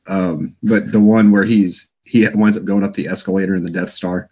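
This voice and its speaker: A fairly low, husky male voice trading relaxed banter. He laughs often and slips into goofy impressions of quoted lines. Easygoing podcast chat. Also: moderate pace. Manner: laughs often, playful, acts out silly quotes. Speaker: podcast co-host. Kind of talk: casual chat.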